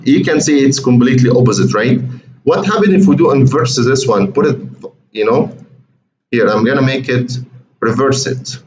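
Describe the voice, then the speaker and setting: A man walking viewers through trading charts in a chatty, repetitive way, often calling them guys. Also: medium pitch. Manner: conversational, repeats words, addresses viewers as guys. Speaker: trading educator. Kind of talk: screen-share chart walkthrough. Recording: roomy, muffled, faint hiss.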